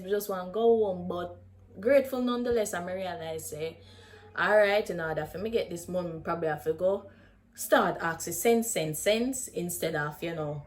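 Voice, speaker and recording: A young woman with a Jamaican accent tells a story in a casual vlog. She is animated and slips in and out of patois as she talks. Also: medium pitch. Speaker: vlogger.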